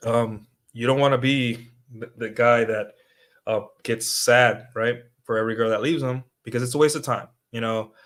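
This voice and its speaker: A man's voice: medium pitch, steady tone, normal speed, fairly bright tone. A young man giving casual livestream commentary, talking to his viewers with lots of fillers and tag questions. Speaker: streamer.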